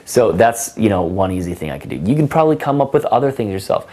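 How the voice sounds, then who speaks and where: Low-voiced man coaching with playful sass. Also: sing-song, fast, few pauses, dark tone. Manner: playful, acts out sassy example lines. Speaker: dating coach. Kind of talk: casual instructional talk.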